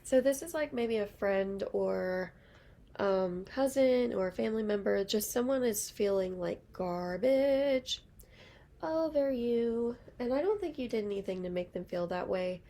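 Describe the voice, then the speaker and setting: Young woman, casual tarot reader, rambling and chatty, gravelly fry. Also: mid-range voice, expressive, a little slow, warm tone. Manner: chatty, rambling, lots of fillers. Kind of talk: casual tarot reading to camera.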